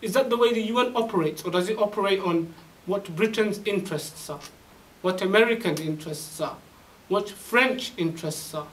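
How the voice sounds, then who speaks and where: A man preaching an Islamic lecture in a high-pitched, insistent voice. He presses his points with rhetorical questions and recites Arabic verses. The mic sits some distance away, with a faint hiss under his voice. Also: normal speed. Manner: emphatic, rhetorical questions, quotes Arabic scripture. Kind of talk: religious lecture.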